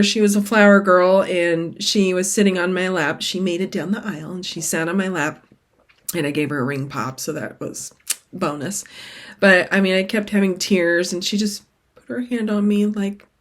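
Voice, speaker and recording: A middle-aged woman hosting her cross-stitch vlog in casual, rambling chat that keeps drifting off topic. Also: mid-range voice. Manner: rambling, chatty, sidetracked.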